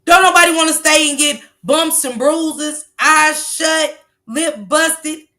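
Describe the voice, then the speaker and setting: Woman, livestream host, blunt and preachy, bright tone, a bit high. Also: slow pace. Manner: blunt, preachy, swears freely. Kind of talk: casual commentary on viral clips.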